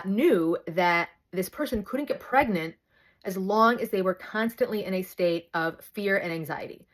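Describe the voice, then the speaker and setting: A woman in her thirties, a bit out of breath, talking chattily into her phone, breaking off and restarting her sentences. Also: fairly low pitch. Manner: chatty, self-interrupting, animated storytelling. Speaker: host. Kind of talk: casual talk to camera. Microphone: phone held close.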